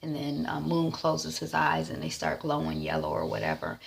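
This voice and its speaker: A woman's voice: low voice, sing-song, moderate pace, vocal fry. A woman giving a casual TV episode recap, retelling scenes loosely with lots of ums and "is like.". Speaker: TV recap vlogger.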